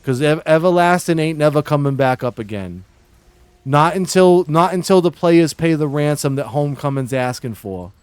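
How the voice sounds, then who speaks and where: A male livestreamer from Massachusetts jokes around with chat in an exaggerated put-on Boston-New York accent, playfully ribbing his viewers. His voice is a little high, expressive, a little mellow, clear, and resonant at a moderate pace, and the home-mic sound is clean and dry with no room sound.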